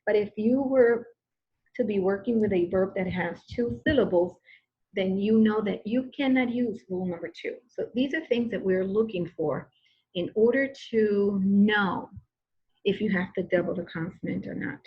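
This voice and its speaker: A woman's voice: medium pitch, moderate pace, dull audio. A woman teacher giving a recorded grammar lesson, patient and repetitive, often checking in with "okay?".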